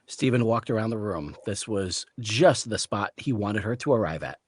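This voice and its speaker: A man reading the narration of a story aloud at a live reading, in a steady storytelling manner. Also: fairly low pitch, normal speed, slightly rough, no echo. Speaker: reader, narrator.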